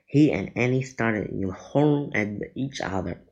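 A man reading a children's adventure book aloud, deliberate with small slips. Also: mid-range voice, lively intonation, a little mellow, muffled recording. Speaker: reader.

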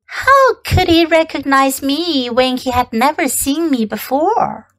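A timid, polite little boy prince from a storybook read-aloud, as a woman puts him on. The voice is raised well above her own and sounds very high and lively. It speaks slowly and carefully. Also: heavily acted.

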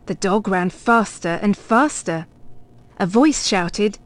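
A woman reading a children's picture book aloud, clear and expressive. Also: medium pitch, slow. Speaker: storybook reader.

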